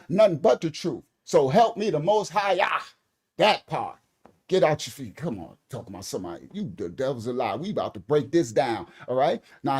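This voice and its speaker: Man, middle-aged, high voice, casual commentary host, animated, preachy. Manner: animated, preachy, laughing, addresses chat directly. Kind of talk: casual news commentary to viewers.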